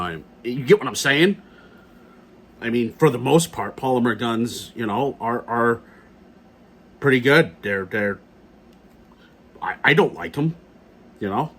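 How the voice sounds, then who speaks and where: A man's voice: medium pitch, breathy edge. A middle-aged man ranting casually in a video blog, blunt and profane, repeating himself as he talks. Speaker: gun vlogger.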